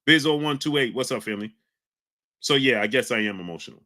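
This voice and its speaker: Ny guy on a livestream, bright pushy voice, heated, shouting out chat names. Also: medium pitch, animated, fast talker. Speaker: livestream host reading chat. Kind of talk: heated live-stream talk.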